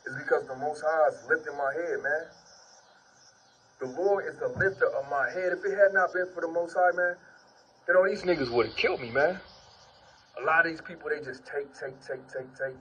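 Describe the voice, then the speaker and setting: A man's voice: fairly high pitch, normal speed, fairly bright tone, distant mic, highs cut off, a little hiss or hum. A man giving an informal sermon and testimony, reading scripture and preaching earnestly, repeating "man" often while sitting on the ground. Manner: earnest, repetitive, peppers speech with "man".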